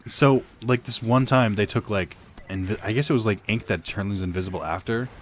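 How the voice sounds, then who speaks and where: Young man streamer, low voice, rambling. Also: a little fast, a little hiss or hum. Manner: rambling storytelling with many fillers. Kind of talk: casual chat while gaming.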